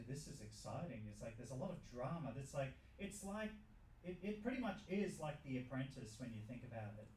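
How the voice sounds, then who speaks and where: A man's voice: medium pitch, a little mellow. A man hosting a comedy show, rambling and joking with the audience. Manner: rambling, jokey, chats with the audience. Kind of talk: casual stand-up banter. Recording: echoey room, distant mic, faint background noise.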